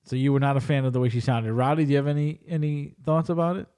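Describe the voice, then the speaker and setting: A man's voice: mid-range voice, quick pace, smooth. A man hosting a casual podcast chat, telling stories with plenty of swearing. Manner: animated storyteller, swears freely. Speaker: podcast host.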